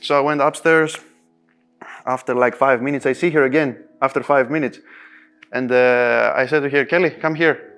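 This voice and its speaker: In a casual interview, a pool player tells the story of a match in lively, non-native English, often bursting into laughter. His voice is mid-range for a man, his pace normal and his tone clean, with soft music playing faintly in the background.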